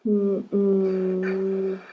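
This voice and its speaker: A woman voicing a young kindergarten child in an acted demonstration, slowly sounding out letters and asking her mother for help with spelling. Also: mid-range voice, completely flat delivery, dull audio. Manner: slow, drawn-out sounding out of letters. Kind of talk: acted parenting demonstration skit.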